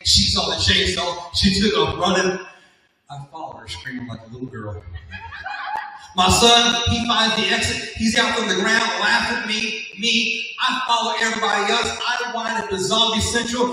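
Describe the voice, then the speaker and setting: A middle-aged man, a motivational speaker telling a comic story at a school assembly, animated and jokey as he addresses the audience. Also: sits high. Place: large school hall. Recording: echoey hall from far off.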